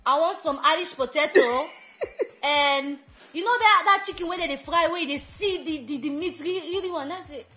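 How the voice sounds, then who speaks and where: Sierra Leonean woman host, high and bright, animated comic storytelling with lots of laughter. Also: moderate pace, faint music behind. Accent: Sierra Leonean Krio-tinged English. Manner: animated, laughs often, repeats words while telling. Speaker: show host telling stories.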